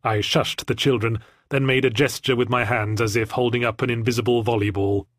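A man's voice: medium pitch, steady tone, brisk, a bit bright, dry recording. Dry, wry male audiobook narrator. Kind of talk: first-person comic narration.

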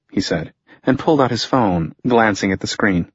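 A man narrating a thriller audiobook in an even, measured reading, voicing the hero in a dry, understated way. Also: on the low side, breathy edge, dry recording, lo-fi sound. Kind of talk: scripted narration.

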